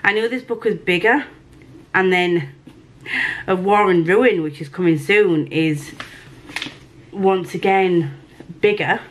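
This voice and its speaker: A woman book vlogger chatting casually through a mail unboxing, gushing and excitable, with casual swearing. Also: lowish voice, takes it slowly, pauses often, slight background noise. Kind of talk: casual unboxing and reading vlog.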